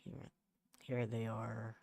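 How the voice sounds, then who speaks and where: Slow-talking male streamer muttering to himself. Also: fairly low pitch, completely flat delivery, vocal fry, darkish tone. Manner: muttering to himself, exasperated, restarts sentences. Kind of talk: casual livestream chat while working. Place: home setup.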